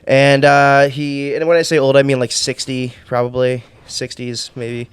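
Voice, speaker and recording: A man's voice: medium pitch, little pitch movement, measured pace, smooth, dry recording. A man vlogger telling a work story in a rambling, exasperated rant full of swearing and restarts. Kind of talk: casual ranting storytime.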